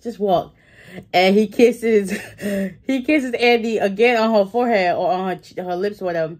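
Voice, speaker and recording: A woman vlogger casually recapping a TV episode, acting out the characters' lines with laughs and fillers. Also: a little high.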